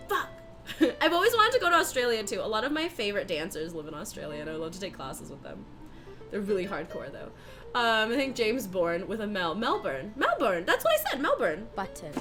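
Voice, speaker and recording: A young woman chats casually on a live stream while baking, swearing and laughing a lot and sounding out words again and again. Her voice is a little high with a fairly bright tone.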